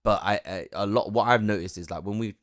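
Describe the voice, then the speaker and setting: A young man talks in slangy, laid-back podcast chat. He swears freely and laughs easily. His voice sits fairly low and sounds dry and close. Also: a little fast, dry recording. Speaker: podcast co-host. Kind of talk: casual chat.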